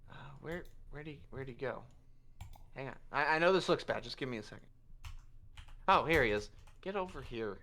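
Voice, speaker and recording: Game master with a bright voice. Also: male voice, mid-range voice, lively intonation, moderate pace, long pauses, slight background noise. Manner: casual, loose storytelling with fillers. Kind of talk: narrating a tabletop game.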